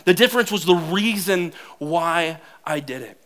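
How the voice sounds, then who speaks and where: Animated, bright-voiced male pastor. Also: on the high side, measured pace. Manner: animated, self-mocking, laughs often. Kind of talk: sermon with humorous personal stories.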